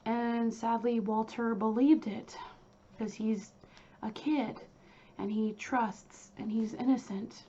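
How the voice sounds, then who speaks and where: Slow, blunt woman telling a true crime story. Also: fairly high pitch, steady tone, mellow, slight background noise. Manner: casual, blunt, with frequent "like". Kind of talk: casual true crime narration. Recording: dull lo-fi recording with faint ambience.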